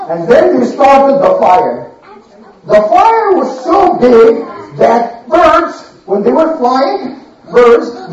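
A woman teacher telling a story to children in a classroom, animated and quizzing the class as she goes. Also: sits high. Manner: animated, asks the class questions. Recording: echoey classroom from far off, dull.

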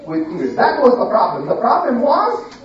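An adult telling a religious story to a child, slowly, asking the listener questions along the way, recorded far from the mic in an echoey room. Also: medium pitch, muffled recording. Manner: slow, lively, questioning the listener.

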